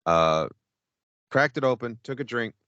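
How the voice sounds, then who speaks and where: This co-host speaks unhurriedly in a clean, medium-pitched voice, on a dry, lo-fi recording. In loose, profane podcast banter he rambles through a story with plenty of energy, performing the lines he quotes from himself.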